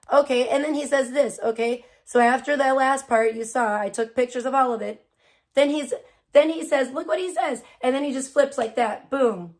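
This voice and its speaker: A woman livestreaming, ranting casually with lots of swearing and laughter, mocking someone. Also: sits high.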